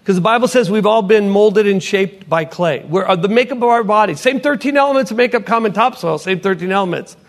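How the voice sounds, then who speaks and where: With lively intonation and a high pitch, this middle-aged potter-evangelist speaks a little fast and hardly pauses during his emphatic sermon testimony. He keeps repeating key phrases while his voice rises and falls between soft and loud.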